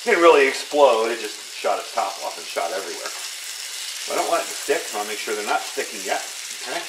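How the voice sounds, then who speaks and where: A man's voice: mid-range voice, fast, heavy background noise. A man in his fifties chatting casually as he walks through a cooking demonstration. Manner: chatty, relaxed, talks while cooking. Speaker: home cook.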